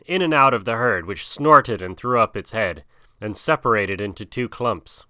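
Bright-voiced man reading a classic tale. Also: medium pitch, dry recording, studio quality. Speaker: narrator.

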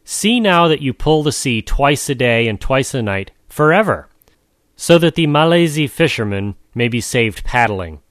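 A man's voice: medium pitch, very animated, normal speed, a bit bright, no echo, studio quality. A man voicing a stern, commanding old male magician in a storybook reading, who hands down decrees.

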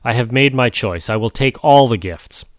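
A man's voice: mid-range voice, expressive, normal speed, no echo, studio quality, natural voice. A man voicing Pau Ama, a bargaining crab. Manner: bargaining, insistent. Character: proud soft-shelled male crab, demanding.

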